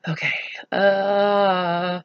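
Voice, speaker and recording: A woman reading a storybook aloud to children, speaking slowly and gently and adding chatty asides to them. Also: mid-range voice, little pitch movement, muffled recording.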